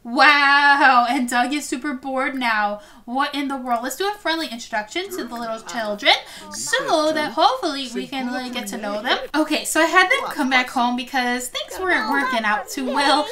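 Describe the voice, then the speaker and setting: A woman's voice: sits high, lively intonation, moderate pace, few pauses, crowd noise. A young woman commentating her life simulation game play, gasping and gushing over the characters. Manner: gushing, gasps often, repeats "oh my gosh". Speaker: gaming video host. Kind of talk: Sims let's play commentary.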